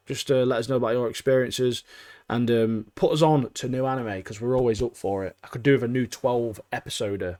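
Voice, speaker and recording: A man's voice: mid-range voice, a little mellow. A man, co-hosting a podcast and chatting casually in an upbeat way. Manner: upbeat, plugging the channel. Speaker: podcast co-host. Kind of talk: casual chat.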